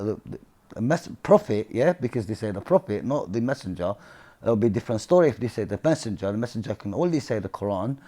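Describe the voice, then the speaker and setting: Mellow and mid-range, this man's voice carries an informal scripture talk. He's an earnest religious commentator who often checks in with the audience, dropping "yeah?" and "see?" along the way.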